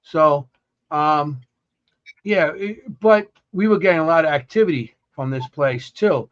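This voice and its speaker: A man hosting a podcast in a rambling, halting way, with many fillers and restarts as he tells stories. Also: a little high, highs cut off. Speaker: podcast host. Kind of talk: casual podcast chat.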